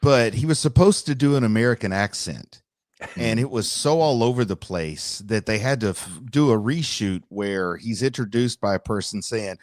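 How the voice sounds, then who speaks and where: A man's voice: lowish voice, lively intonation, normal speed, no echo, clean studio sound. A middle-aged man co-hosting a casual movie podcast, wry and joking. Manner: wry, joking, does silly voices. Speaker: podcast co-host.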